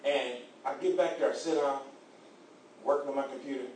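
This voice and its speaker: A man preaching a sermon with grammar, repeating "amen" often and swinging from quiet storytelling to loud shouts. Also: mid-range voice, fairly even intonation, normal speed, distant mic, a little hiss or hum. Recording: echoey room.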